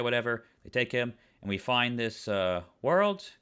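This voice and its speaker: A man in the middle of a ranting review. His pitch sits in the middle, and he keeps piling up exasperated rhetorical questions about what makes no sense. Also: very animated, a little slow, sharp tone, smooth. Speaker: online reviewer.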